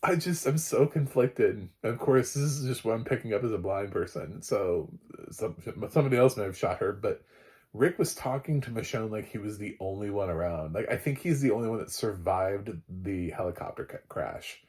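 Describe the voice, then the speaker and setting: A man's voice: lowish voice, animated, normal speed, darkish tone. A man casually recapping a TV episode, rambling with lots of fillers and frequent laughter. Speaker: TV show reviewer.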